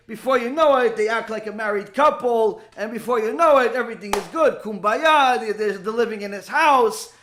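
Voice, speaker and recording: A man giving a Torah lecture as a rabbi, telling stories in an animated way and acting out the dialogue. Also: extremely high pitch, normal speed. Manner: animated storytelling, acts out dialogue.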